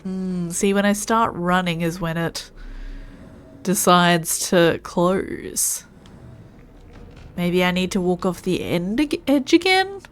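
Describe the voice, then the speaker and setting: A woman's voice: fairly low pitch, level tone, slow pace, pauses often, clean tone. A woman streaming a video game, thinking aloud and musing to herself as she plays. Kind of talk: casual gameplay commentary.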